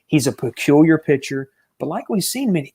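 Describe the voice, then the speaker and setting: A man co-hosting a casual sports talk show, ranting with animated exasperation. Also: fairly high pitch, moderate pace, breathy edge. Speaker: co-host.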